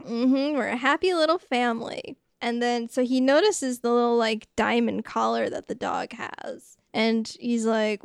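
A young woman retells a film's plot to a friend in animated, laughing podcast chat, dropping into short character voices. Her fairly high voice has a gravelly edge but stays smooth and full. The sound is close and dry. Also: normal speed, hardly any pauses, no room sound. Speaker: podcast co-host. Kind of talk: casual movie recap chat.

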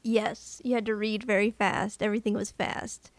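A woman co-hosting a film podcast in a casual chat, talking in quick asides and laughing often. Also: medium pitch, level tone, dry recording. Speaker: podcast co-host.

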